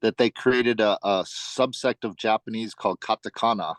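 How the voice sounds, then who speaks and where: A man's voice: fairly low pitch, normal speed, dry recording. A man in a casual chat, curious and asking follow-up questions. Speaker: conversation partner.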